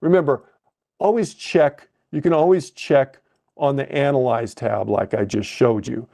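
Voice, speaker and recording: A man coaching a live webcast lesson, thinking aloud and correcting himself as he clicks through trading software. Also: mid-range voice, a little slow, creaky.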